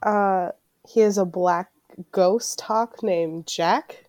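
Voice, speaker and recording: A woman playing a tabletop game. She explains her character in a measured way, with frequent ums. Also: medium pitch, fairly even intonation, darkish tone, no echo. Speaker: player.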